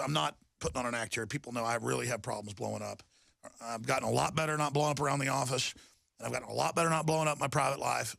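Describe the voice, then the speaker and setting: A man's voice: medium pitch, quick pace, creaky, no room sound, studio quality. A middle-aged man, hosting a talk radio show in a heated, ranting monologue. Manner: impassioned, rising to shouting then calming.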